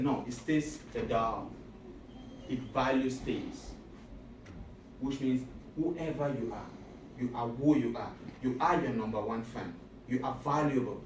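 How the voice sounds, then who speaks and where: A man speaking to high school students in a motivational talk. He is emphatic and repetitive and often asks the audience questions. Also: normal speed, darkish tone, a little hiss or hum. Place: school auditorium or hall. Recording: echoey room recorded from a distance.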